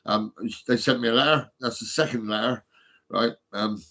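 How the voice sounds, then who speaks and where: A man's voice: medium pitch, steady tone, moderate pace, sharp tone. A man, talking live on a stream in a rambling way, swearing often, with many fillers and restarts. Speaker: livestreaming vlogger.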